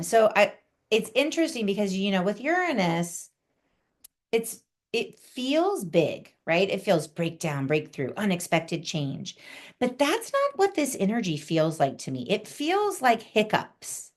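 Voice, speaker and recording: A woman's voice: mid-range voice, very animated, measured pace. Chatty woman giving astrology forecasts. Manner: chatty, acts out quoted reactions. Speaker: intuitive astrologer, podcast guest. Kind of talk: casual podcast astrology forecast.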